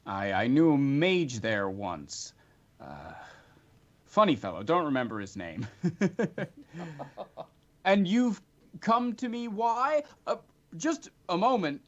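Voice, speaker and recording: A man's voice: fairly high pitch, huge pitch swings, slow, pauses often, heavily acted. A man voicing an eager, chatty ginger-haired wizard in his thirties, heard on a dull lo-fi recording.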